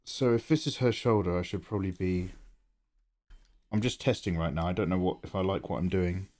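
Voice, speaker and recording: A man's voice: deep voice, fairly even intonation, brisk, darkish tone. A man chatting casually on a live stream while he draws, thinking aloud and greeting viewers by name. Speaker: livestreaming artist.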